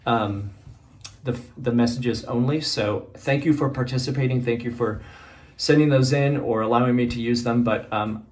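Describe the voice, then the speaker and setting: A man's voice: mid-range voice, darkish tone. Nervous rambling man in a bathtub. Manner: nervous, rambling, exclaiming to himself. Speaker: teacher. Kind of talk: casual phone vlog. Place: small bathroom, sitting in a bathtub. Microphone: phone propped nearby.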